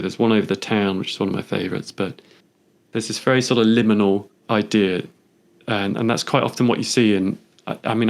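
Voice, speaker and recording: A man's voice: fairly low pitch, creaky. A man, a photographer, talking through his photobook in a reflective, meandering way, thinking aloud as he goes. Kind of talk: conversational interview.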